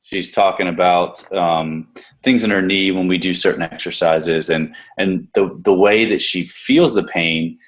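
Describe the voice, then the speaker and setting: A man's voice: low voice, steady tone, unhurried. A man, a gym coach, talking casually and at length about a client, with many restarts and casual swearing. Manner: rambling, profane, many restarts. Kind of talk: casual podcast discussion.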